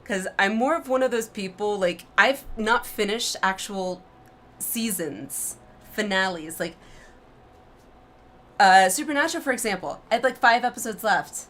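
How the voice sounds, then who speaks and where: A young adult woman streaming a game, reacting out loud and talking herself through tense moments. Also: mid-range voice, lively intonation, unhurried. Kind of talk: emotional let's-play reaction.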